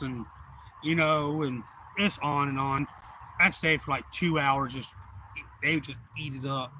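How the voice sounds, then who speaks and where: Man, casual live-stream storytelling, bright tense voice, slightly high pitch, faint crickets behind. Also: moderate pace, a little hiss or hum, poor audio. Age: adult father. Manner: rambling, animated retelling with quoted voices. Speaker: outdoors channel host.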